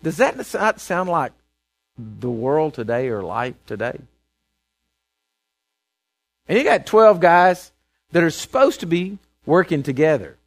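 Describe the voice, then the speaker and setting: This man preaches slowly in a fairly high, sing-song voice with vocal fry, pausing often. As a pastor giving a sermon, he relates the story conversationally, stammering and restarting, and keeps checking in with "right?" and "okay?".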